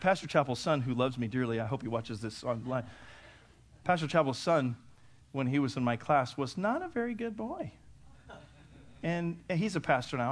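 A man preaching a storytelling sermon who acts out the voices of the people in his story and laughs as he goes. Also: medium pitch.

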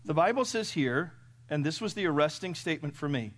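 A middle-aged man preaching a sermon in a folksy way, firing off rhetorical questions and swinging from loud to hushed. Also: a little high, expressive, fairly quick. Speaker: pastor.

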